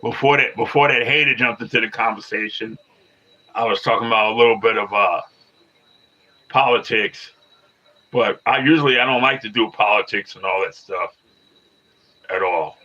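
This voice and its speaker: A man's voice: fairly low pitch, moderate pace, long pauses, sharp tone, highs cut off. A man in his fifties chatting live with viewers, repeating himself and arguing back at commenters. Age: 50s. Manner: repetitive, restarts phrases, argues back at commenters. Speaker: livestreamer. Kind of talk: casual live-stream chat with viewers.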